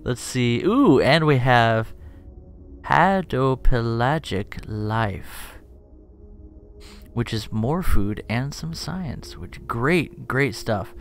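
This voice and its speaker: Male streamer, unhurried, wry and self-mocking, game music underneath. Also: mid-range voice, lively intonation. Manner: joking, self-deprecating, thinks aloud. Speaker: let's play streamer. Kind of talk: casual gameplay commentary.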